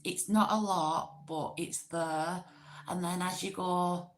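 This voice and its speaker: A woman's voice: on the low side, fairly even intonation, slow, slight background noise. A woman from Oldham with a Greater Manchester accent, casually chatting to viewers on a livestream and rambling with fillers. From Oldham, England. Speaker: livestream host. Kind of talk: casual live chat reading comments.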